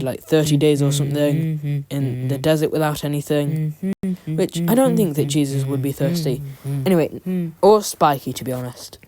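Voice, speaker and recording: A woman giving a rambling, self-deprecating voice-over as she draws, full of ums. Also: deep voice. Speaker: YouTuber narrating a drawing. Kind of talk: casual voice-over commentary. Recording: loud music behind the voice. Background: loud background music.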